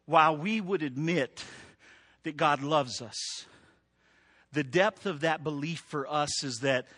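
A middle-aged man preaching a sermon, animated, building to emphatic peaks and dropping soft. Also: a little high, slow pace. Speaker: pastor.

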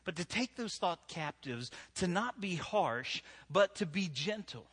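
A man's voice: sits high, animated, unhurried, a bit bright, breathy edge. A middle-aged man preaching a humorous sermon to a live church audience, joking and talking conversationally, often checking in with "right?". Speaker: pastor.

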